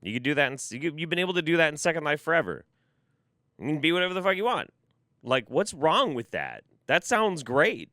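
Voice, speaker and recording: A man's voice: a little high, sing-song, fairly quick, pushed and bright, no room sound, clean studio sound. A man giving reaction commentary, ranting in an exasperated, profane way. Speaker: commentary YouTuber.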